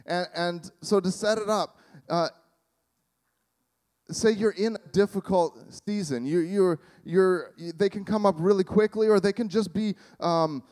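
A man preaching a sermon in a conversational, halting way, with sarcastic humor. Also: high-pitched, a little mellow. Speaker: pastor.

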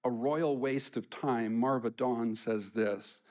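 A man's voice: medium pitch, takes it slowly, hardly any pauses, a little mellow. A man preaching a conversational sermon to his church, lifting his voice when he reads scripture. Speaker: pastor.

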